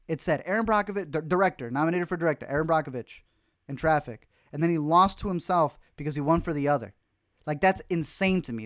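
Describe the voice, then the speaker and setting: A man's voice: on the high side, no room sound, studio quality. A young man hosting a casual livestream, talking about films he missed, rambling with lots of fillers and restarts. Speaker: film reviewer, host.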